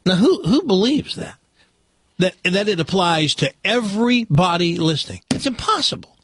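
A man from the American South with a Southern accent, hosting a talk radio show and telling stories in a lively, stammering way. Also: high voice, moderate pace, husky, no echo. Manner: animated storyteller, restarts and stammers. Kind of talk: casual talk radio chat.

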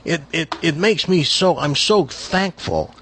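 A man's voice: fairly high pitch, very animated, measured pace, fairly bright tone, a little hiss or hum. A man from Tennessee with a faint Southern accent, chatting as a host in a folksy storytelling way and often repeating words as he starts a thought. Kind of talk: casual chat.

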